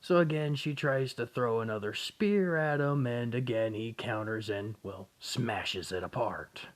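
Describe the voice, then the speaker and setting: A man's voice: mid-range voice, unhurried. A young man casually retelling a fan story, rambling, correcting himself and swearing as he goes. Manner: rambling, profane, self-correcting.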